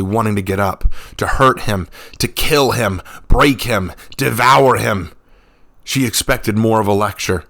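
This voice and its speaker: A man reads a fantasy story aloud in a low, steady voice. His narration is measured and even. The sound is dry and close, with no room around it. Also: creaky, dry recording.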